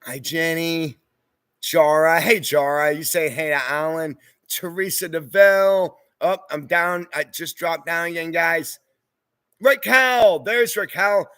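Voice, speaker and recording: A man's voice: on the high side, takes it slowly, a bit bright, smooth, dry recording. Easygoing man chatting on a livestream. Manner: easygoing and chatty, often says "y'all" and "hoorah". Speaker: livestream host reading viewer comments. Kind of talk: casual live-stream chat.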